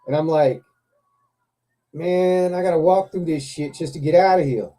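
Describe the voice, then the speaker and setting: A man's voice: on the high side, dark tone. A man hosting a live stream, telling a story in a casual chat, laughing often and swearing freely.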